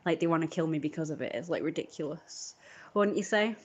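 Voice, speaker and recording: A woman's voice: low voice, brisk. Indignant woman rambling on stream. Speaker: live streamer. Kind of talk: casual live-stream storytelling.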